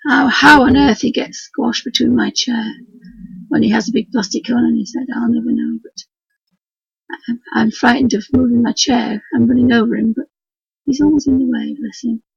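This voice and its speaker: This Yorkshire-born craft tutor streams a chatty painting demo from her home desk, speaking in a very husky, croaky voice thick with gravelly fry and set slightly high for a woman. Her homely rambling keeps a fairly even intonation and a normal pace. Picked up on a computer stream mic, the sound is lo-fi and dull, close and dry without echo.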